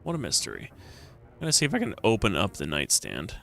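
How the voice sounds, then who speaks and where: Bright, lively male game streamer. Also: low-pitched, a little fast, creaky, faint music behind. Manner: chatty, joking, reads game text aloud. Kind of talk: casual let's-play commentary.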